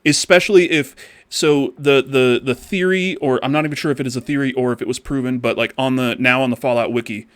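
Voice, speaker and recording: A man's voice: medium pitch, fairly even intonation, brisk, fairly bright tone. Swearing man hosting a podcast. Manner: swears casually, trails off and restarts. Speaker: podcast host. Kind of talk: casual chat.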